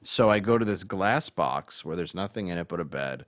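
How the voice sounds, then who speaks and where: A man's voice: low-pitched, expressive, moderate pace, no echo, clean studio sound. A man, a stand-up comedian, telling a candid, self-mocking story in casual talk.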